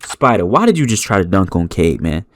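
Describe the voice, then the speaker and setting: Animated man reacting to game highlights. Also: a little fast. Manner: profane, excitable, calls plays out loud. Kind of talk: casual live reaction commentary.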